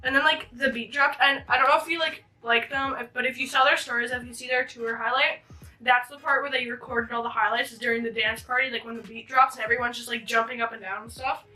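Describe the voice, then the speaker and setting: A woman's voice: on the high side, steady tone, quick pace, bright, forceful tone. A young woman recounting a shared story in casual, chatty talk full of "like". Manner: chatty, many "like" fillers. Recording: distant mic with music behind.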